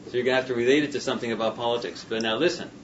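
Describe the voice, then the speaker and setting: A man's voice: medium pitch, fairly even intonation, rapid-fire, roomy sound, slight background noise. A man lecturing a class in a conversational way, often asking rhetorical questions. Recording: dull distant classroom recording.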